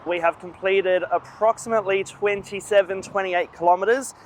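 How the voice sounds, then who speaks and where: A man's voice: high-pitched, fairly even intonation, normal speed, slight background noise. A tired man walking a long route and talking to the camera in a plain, self-mocking way, outdoors by roads. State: weary from walking. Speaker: vlogger on a long walk. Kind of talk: walking vlog talk to camera.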